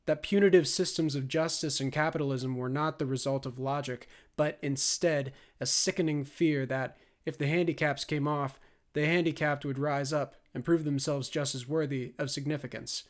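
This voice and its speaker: Man with grave, measured narration. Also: fairly high pitch, steady tone. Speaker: audiobook narrator. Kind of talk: scripted narration.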